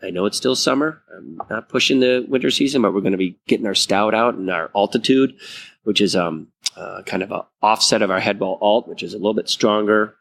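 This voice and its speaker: Easygoing brewery guest with a gravelly voice. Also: male voice, fairly low pitch, brisk, a bit bright. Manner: easygoing, agreeable, filler-heavy. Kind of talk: casual podcast interview.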